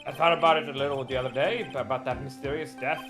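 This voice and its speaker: A woman's voice: a bass voice, steady tone, quick pace, over music. Woman doing a gossipy, chummy male TV hunk. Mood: eager. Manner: gossipy, chatty, exclamatory. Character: hairy gossip-loving male TV actor, chummy. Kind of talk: voicing game characters on a stream.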